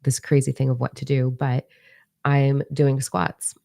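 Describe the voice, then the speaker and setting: A woman's voice: very deep voice, completely flat delivery, unhurried, gravelly, mellow, dry recording, clean studio sound. A woman in her forties, a spiritual teacher telling a story in a casual, rambling monologue, blunt and swearing freely. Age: 40s.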